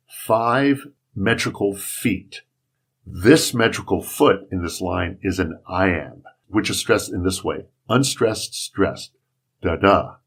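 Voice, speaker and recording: A man's voice: deep voice, husky. A man guest on a library podcast, patiently explaining poetry in a conversational interview. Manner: patient explaining, spells out rhythm. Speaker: Shakespeare instructor, guest. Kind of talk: casual interview talk.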